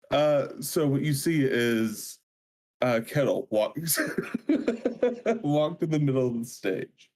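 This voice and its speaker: A man playing a tabletop game, chatty and laughing as he describes his character. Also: mid-range voice. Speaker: player. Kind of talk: casual tabletop game play.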